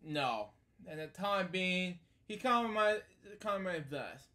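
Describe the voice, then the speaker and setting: A man reads a children's storybook aloud, often breaking off for rambling asides. His voice sits somewhat high, and his delivery is loose and unscripted. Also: animated, measured pace, pushed and bright. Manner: rambling asides, many fillers like "anyway" and "so there you go". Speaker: storybook reader and host. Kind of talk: casual storybook read-aloud with commentary.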